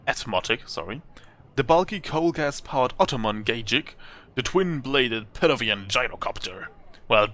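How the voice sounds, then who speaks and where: A man's voice: mid-range voice, bright, forceful tone. A man hosting a let's play, reading a text adventure aloud with chatty asides and chuckles.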